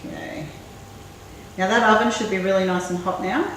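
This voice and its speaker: A woman hosting a cooking show, chatting in a relaxed way and thinking aloud as she works. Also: medium pitch, normal speed. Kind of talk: casual cooking demonstration. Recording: very echoey room, mic far off, faint noise.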